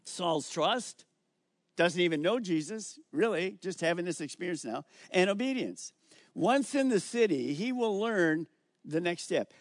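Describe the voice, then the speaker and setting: A middle-aged male pastor preaching a sermon, emphatic and slowing down on key words as he reads scripture aloud. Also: sits high, dry recording, studio quality.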